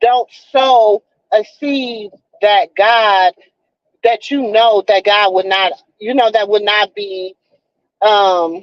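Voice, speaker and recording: A woman's voice: medium pitch, fairly even intonation, slow, no echo. A woman hosting a live stream, chatting in a folksy, preachy way and calling her viewers baby and child. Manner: folksy, calls viewers baby and child, repeats "you know what I'm saying". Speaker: livestream host. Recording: dull, lo-fi live stream audio.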